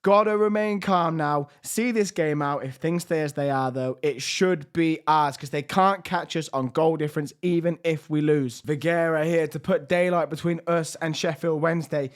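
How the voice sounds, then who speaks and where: A young man with a strained voice, commentating on his own football management game and swinging between hushed and excited. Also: on the high side, normal speed, hardly any pauses, smooth. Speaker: gaming YouTuber.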